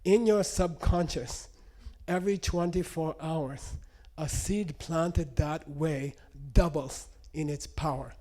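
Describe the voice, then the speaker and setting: A man teaching meditation to an audience, telling stories in an animated way and checking in with frequent questions. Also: a little high, slow. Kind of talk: spoken teaching with anecdotes.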